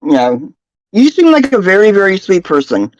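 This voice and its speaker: A woman on a live stream speaking in a warm, encouraging way in casual chat. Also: medium pitch, sing-song, moderate pace, no echo, muffled recording.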